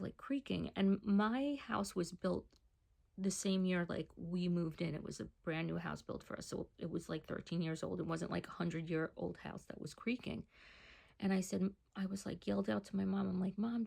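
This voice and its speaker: A woman telling a personal testimony in a casual, hushed storytelling voice that often drops to a near whisper. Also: lowish voice, fairly even intonation, moderate pace, gravelly.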